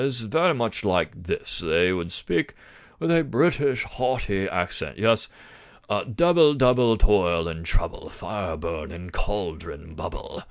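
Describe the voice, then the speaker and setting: A man with a fairly low voice delivers a history lecture on his podcast, his pitch rising and falling in a lively way as he stresses his points. He talks like a teacher addressing students, loose and conversational, with plenty of "uh"s and restarted phrases.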